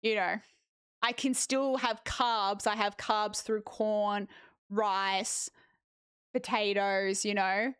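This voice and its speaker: A young Australian woman chatting casually with viewers as a streamer, lively with animated asides. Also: medium pitch, takes it slowly, smooth, dry recording, studio quality. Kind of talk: casual chat reading viewer messages.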